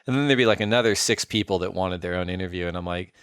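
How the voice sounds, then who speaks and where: Low-voiced man rambling through a story. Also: very fast, a bit bright, clean tone, dry recording, clean studio sound. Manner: rambling, filler-heavy, frequent "like". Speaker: podcast co-host. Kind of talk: casual storytelling chat.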